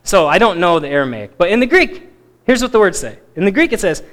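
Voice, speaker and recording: A man teaching a Bible passage in a sermon, stressing key words emphatically and dropping to quiet asides. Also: sits high, very animated, fast. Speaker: preacher.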